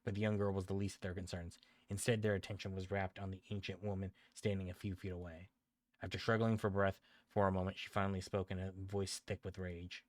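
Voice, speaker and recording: Brief: low-voiced male streamer reading a story, dry sound, frequent self-corrections. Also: fairly even intonation, a little fast, no echo.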